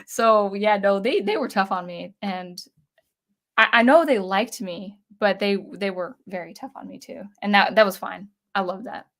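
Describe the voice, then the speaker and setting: A woman's voice: medium pitch, a bit bright. A young adult woman, a composer, thinking aloud in a casual talk to camera, with frequent restarts. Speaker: composer vlogger.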